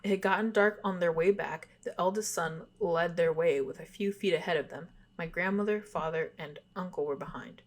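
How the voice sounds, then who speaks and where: A young woman with a fairly low voice reads eerie tales aloud as a podcast co-host. She slips into casual chat between passages, giggling and apologizing when she trips over a word. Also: normal speed, few pauses. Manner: giggly, apologetic about stumbles while reading. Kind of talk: reading spooky stories aloud, casual chat.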